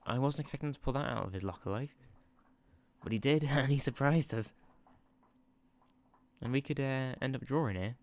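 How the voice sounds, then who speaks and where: A man's voice: medium pitch, moderate pace, pauses often, a little mellow. A man giving casual, chatty commentary over a football management game, easily distracted, laughing and swearing as he talks into a sensitive desk microphone. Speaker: gaming channel host.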